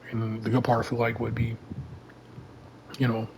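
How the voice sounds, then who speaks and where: A man chats loosely to his audience, his voice staying level and even in pitch. He drifts from point to point and leans constantly on fillers like "you know" and "like". A faint hum sits low behind him. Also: moderate pace, low-quality recording. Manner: rambling, heavy use of "you know" and "like". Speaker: gaming YouTuber. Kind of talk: casual vlog commentary.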